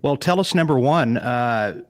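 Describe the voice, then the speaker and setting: Affable American host, dry sound. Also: male voice, mid-range voice, lively intonation, unhurried, dry recording. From United States. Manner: affable, rambling questions. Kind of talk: casual interview chat.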